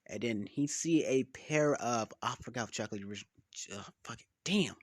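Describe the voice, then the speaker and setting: A man's voice: mid-range voice, lively intonation, normal speed. A man casually making up a story as he goes, rambling, swearing and losing track of names.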